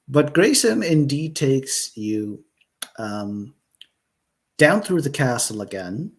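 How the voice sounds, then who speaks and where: A man narrates a shared improvised story at an unhurried, halting pace. His voice sits at a middle pitch and is broken up by many pauses and fillers. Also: animated. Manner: slow, hesitant, many fillers. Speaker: storyteller leading the session.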